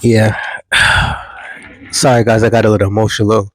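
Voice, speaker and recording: A man's voice: lowish voice, level tone, a little slow, a bit bright, no echo, poor audio. A man vlogging casual spiritual advice, earnest and preachy, repeating phrases for emphasis.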